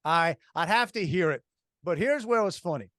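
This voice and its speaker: High-voiced rambling middle-aged man. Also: animated, normal speed, fairly bright tone, no echo, studio quality. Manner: rambling storyteller with restarts and laughs. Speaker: podcast co-host. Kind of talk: casual chat.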